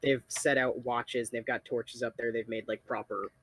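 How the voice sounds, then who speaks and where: Husky young man running a tabletop game. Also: medium pitch, little pitch movement, moderate pace, a bit bright. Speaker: game master. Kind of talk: narrating a tabletop game over voice chat.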